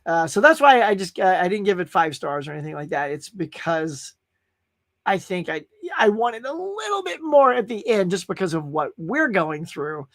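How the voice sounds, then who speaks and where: A man's voice: high-pitched, big pitch swings, normal speed, fairly bright tone, dry recording, clean studio sound. A man hosting a podcast, chatting casually and enthusiastically about movies he watched, with lots of restarts and fillers. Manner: enthusiastic, rambling, many restarts. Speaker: podcast host. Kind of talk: casual movie review chat.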